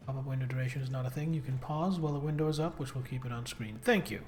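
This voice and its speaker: A man's voice: mid-range voice, racing, a little mellow. A man streaming a video game live, chatting with viewers and reading on-screen text aloud.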